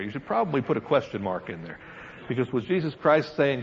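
A man preaching verse by verse through a Bible passage, reading scripture aloud and then commenting with lively asides and chuckles. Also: mid-range voice, quick pace. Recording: dull lo-fi sound with faint background noise.

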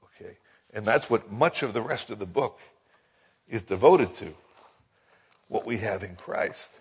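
A man's voice: on the low side, animated, measured pace, breathy edge, highs cut off. A man teaching the Bible in a folksy, conversational sermon, often tossing rhetorical questions at his listeners.

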